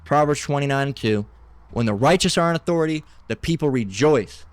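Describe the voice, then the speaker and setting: A man preaching from scripture, reading verses aloud and breaking into halting, combative and mocking commentary with profane asides. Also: on the high side, animated, smooth, no room sound. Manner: halting, many restarts between readings.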